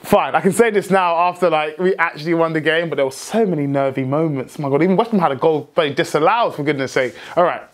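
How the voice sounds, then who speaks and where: A young man hosting a football fan vlog, talking excitedly with many restarts and outbursts. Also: fairly high pitch, fast talker, hardly any pauses. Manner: excitable, rambling, frequent restarts, shouts in joy. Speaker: football fan channel host.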